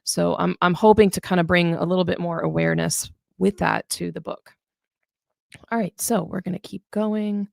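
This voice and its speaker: A woman's voice: on the low side, steady tone, normal speed, vocal fry, a little mellow, no room sound, clean studio sound. A woman author hosting a live-streamed astronomy lesson, explaining stars in a chatty way with fillers and restarts.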